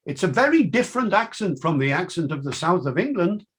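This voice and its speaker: A man's voice: a little fast, husky. An older man with a mixed Welsh and Liverpool accent, giving a university lecture with enthusiastic, swinging emphasis. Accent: Welsh and Liverpool mix. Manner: enthusiastic, lively pitch swings.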